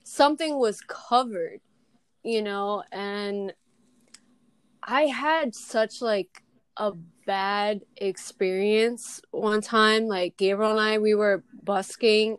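A woman's voice: mid-range voice, clear, resonant tone, no room sound. A young woman tells a story in a casual chat, packing her talk with "like" and restarts. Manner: fast, filler-heavy storytelling with many "like"s.

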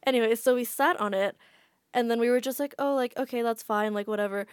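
A woman's voice: a little high, quick pace, clean tone, no room sound, clean studio sound. Chatty woman telling a travel story. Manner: chatty, frequent "like" fillers. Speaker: podcast guest. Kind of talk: casual storytelling.

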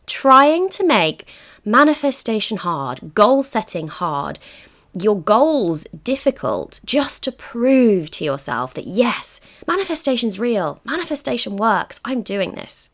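A young woman coach hosts her own podcast and talks straight to the listener, pressing her points with repeated questions. Her voice swoops up and down a great deal, which keeps it animated, and her pitch sits at an ordinary middle height. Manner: emphatic, encouraging, asks the listener questions. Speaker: podcast host and manifesting coach. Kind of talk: solo podcast monologue.

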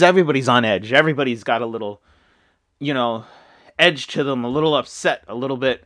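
A man's voice: medium pitch, moderate pace, long pauses, a bit bright, no room sound. Earnest, rambling podcast man, dry sound. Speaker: podcast host; father. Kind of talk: casual podcast monologue.

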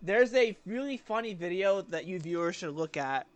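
A man's voice: sits high, lively intonation. A young man co-hosting a podcast, chatting casually and rambling with lots of fillers and restarts. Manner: rambling, full of "like" and restarts, breaks into quick voice impressions. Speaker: podcast co-host. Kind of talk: casual chat.

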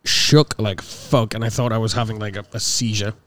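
A man from England co-hosting a casual podcast, telling stories with quiet asides. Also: fairly low pitch, steady tone, moderate pace, dry recording. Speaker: podcast co-host.

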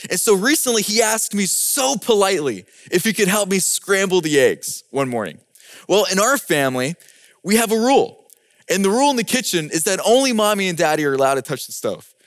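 A man with a high voice gives a prepared talk. He acts out scenes as he tells a story and poses rhetorical questions. The recording is dry and close. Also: brisk, dry recording. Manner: animated storyteller acting out scenes. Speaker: speaker giving a prepared talk.

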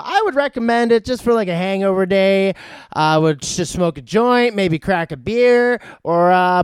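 A man's voice: sits high, clear, resonant tone, no echo, clean studio sound. Rambling guy reviewing movies. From Vancouver, Canada. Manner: rambling, loose, filler-heavy, swears casually.

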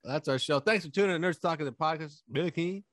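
A man's voice: fairly high pitch, fast, a bit bright, no echo, clean studio sound. A man hosting a casual podcast, joking around, swearing and laughing often. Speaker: podcast host.

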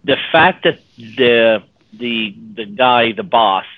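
A man's voice: mid-range voice, slow pace, no room sound. A man co-hosting a fan podcast, chatting loosely and circling back as he thinks aloud. His voice sits mid-range for a man, and the sound is dry and thin, like a phone line. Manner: rambling, restarts, speculates about plot. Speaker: podcast co-host. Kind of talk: casual chat. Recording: dry, tinny phone-like audio.

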